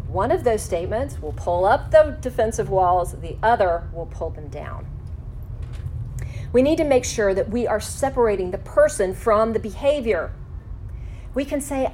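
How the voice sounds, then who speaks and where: Woman, faith-based teaching talk, measured step-by-step delivery, mid-range pitch. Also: expressive, warm tone. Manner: measured and step-by-step, slowing for key phrases. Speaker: teacher on forgiveness.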